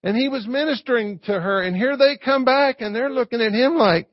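A man's voice: extremely high pitch, a little fast, no echo, lo-fi sound. A man preaching a conversational sermon in a folksy way, often checking in with a rhetorical "right?". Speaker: pastor.

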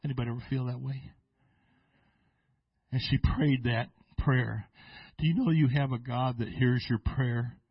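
A man who is a pastor, preaching a sermon and telling stories with restarts, sometimes slowing down and sometimes breaking into shouts. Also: mid-range voice, steady tone, husky, dry recording, muffled recording. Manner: preaching with sudden shouted bursts and slow drawn-out phrases; storytelling with restarts and repeated words. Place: church sanctuary.

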